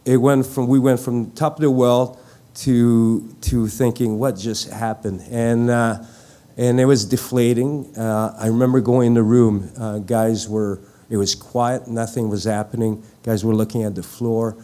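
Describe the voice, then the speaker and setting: A middle-aged man gives a live tribute speech as a former teammate, telling a story in halting phrases with many fillers and restarts. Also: mid-range voice, steady tone, mellow.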